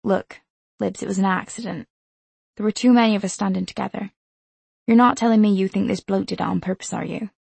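A woman's voice: mid-range voice, steady tone, brisk, gravelly, darkish tone, slightly rough, no echo. A woman voicing a young husband who talks in a casual, reassuring and slightly hesitant way, in a spoken story. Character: young adult husband, easygoing and teasing.

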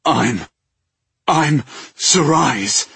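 Desperate young man read by a male narrator, raw and rough, deep and husky. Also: animated, very slow, bright, forceful tone, no room sound, exaggerated voice. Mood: urgent. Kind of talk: audiobook character voice.

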